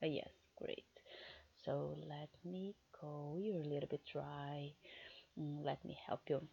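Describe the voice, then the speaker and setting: Woman, adult audio role-play, teasing and bossy, unhurried delivery, dull lo-fi sound. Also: deep voice, fairly even intonation, creaky, breathy edge. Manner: teasing and commanding; swings between hushed murmurs and loud outbursts.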